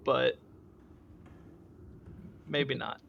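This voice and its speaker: A man's voice: mid-range voice, fairly even intonation, drawn-out words, vocal fry, highs cut off. A man playing in a tabletop game session, chatting in a joking, laid-back way. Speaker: player. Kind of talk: casual game chat.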